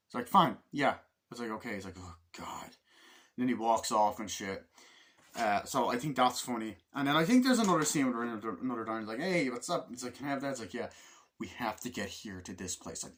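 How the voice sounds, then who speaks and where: A man's voice: medium pitch, animated, fairly bright tone. Rambling man retelling a movie. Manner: rambling, acts out scenes with quick voice switches, swears freely. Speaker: movie reviewer. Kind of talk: casual spoken film review.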